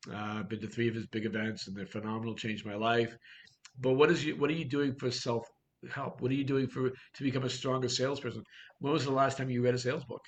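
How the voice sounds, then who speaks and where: A man's voice: medium pitch, slight background noise. A man coaching real estate agents in a workshop talk, blunt and direct, firing off rhetorical questions.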